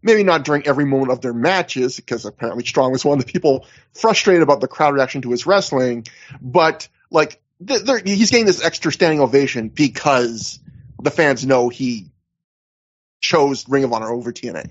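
A man's voice: mid-range voice, expressive, moderate pace, muffled recording. A man co-hosting a podcast, chatting casually as he recaps in detail with lots of fillers. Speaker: podcast co-host.

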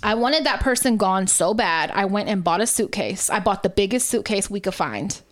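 A woman's voice: medium pitch, moderate pace. A woman co-hosting a podcast in casual chat, brash and profane, telling stories with lots of energy. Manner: brash, profane, animated storytelling. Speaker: podcast co-host.

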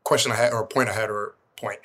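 A man's voice: on the low side, fairly even intonation, quick pace, bright, forceful tone. A man hosting a podcast conversation, hesitant as he restarts and rephrases his questions.

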